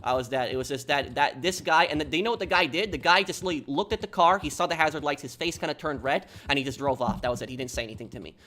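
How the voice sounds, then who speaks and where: A man's voice: a little high, quick pace, hardly any pauses, pushed and bright. A man from New York telling a long story on a stream, rambling and restarting his sentences. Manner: rambling, repeats himself, restarts often.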